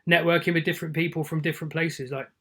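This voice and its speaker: Fairly high-voiced man, even delivery. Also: fast. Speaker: guest film reviewer. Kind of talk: casual podcast chat.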